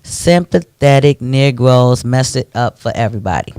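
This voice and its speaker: A man hosting a radio talk show, ranting in an animated, preachy way into a studio microphone. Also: medium pitch, moderate pace, clear, resonant tone, no room sound.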